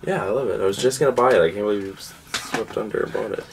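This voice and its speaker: A man's voice: on the low side, racing, gravelly, recorded from a distance, slight background noise. A man co-hosting a casual chat show, telling jokey stories about movies he bought. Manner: chatty, jokey storyteller. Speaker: co-host.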